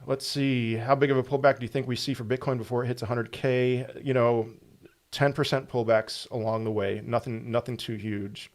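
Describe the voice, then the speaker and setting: Man, casual livestream host, mid-pitched voice, offhand answers, lots of ums. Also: fairly even intonation, normal speed. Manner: reads viewer questions aloud and answers offhand, with fillers.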